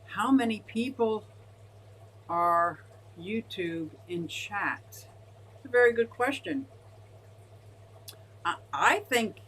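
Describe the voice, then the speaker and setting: A woman hosting a casual fish-keeping livestream, talking in an excitable, gushing way as she reads chat aloud. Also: mid-range voice, breathy edge, low-quality recording. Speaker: aquarium fish-keeping streamer.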